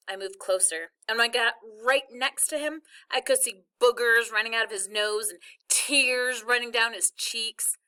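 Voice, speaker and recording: Female narrator, bright tone, slightly high, steady first-person storytelling. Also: a little slow, hardly any pauses, smooth. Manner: plain storytelling.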